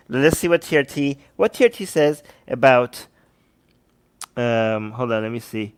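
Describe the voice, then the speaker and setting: A man hosting a livestream, reacting to videos with sarcastic, animated commentary and talking to his chat. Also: a little high, unhurried, clean tone. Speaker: livestream host.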